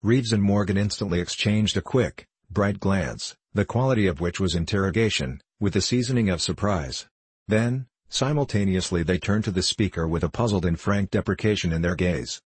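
A man narrating a story in a measured, even reading. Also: deep voice, husky, dry recording. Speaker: audiobook narrator. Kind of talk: scripted narration.

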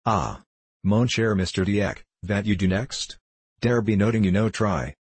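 A good-humored Frenchman voiced by a man with a French accent and broken English, pliable and excitable in temper. The voice sits deep and slightly husky in a dry audiobook recording. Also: unhurried, no room sound. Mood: cheerful.

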